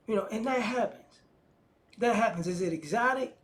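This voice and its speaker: A man with giving a casual opinion monologue, animated and slangy, often acting out the voices of the people he talks about. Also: high-pitched, normal speed. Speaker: commentator.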